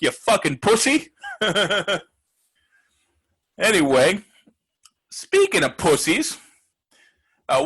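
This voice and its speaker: A man playing a brash, husky gambler host. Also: sits high, heavily acted. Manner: loud, ranting, profane, mocking. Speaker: sports show host. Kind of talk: comedic sports rant.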